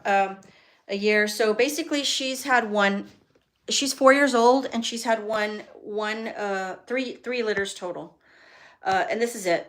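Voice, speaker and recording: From her home bedroom, where a whelping box sits, a forties-aged kennel owner and dog breeder goes live on her phone, casually reading viewer comments. Her mid-range voice has a fairly bright tone, and her rambling talk is full of ums and restarts.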